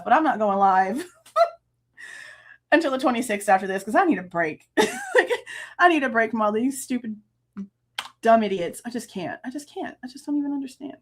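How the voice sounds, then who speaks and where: A woman, hosting a true crime livestream, ranting angrily, swearing and laughing between outbursts. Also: fairly high pitch. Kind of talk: casual livestream rant.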